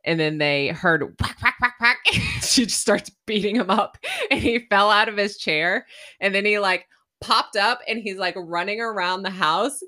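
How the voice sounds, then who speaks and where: A woman podcast co-host telling a story in a chatty, animated way, often laughing. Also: mid-range voice, normal speed. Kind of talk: casual storytelling.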